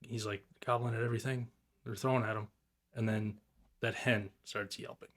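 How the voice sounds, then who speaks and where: A man's voice: lowish voice, level tone, moderate pace, a bit bright. Laid-back man telling hunting stories. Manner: rambling, laid-back storytelling with swearing and mimicked turkey calls. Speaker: guest turkey hunter. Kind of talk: casual podcast chat.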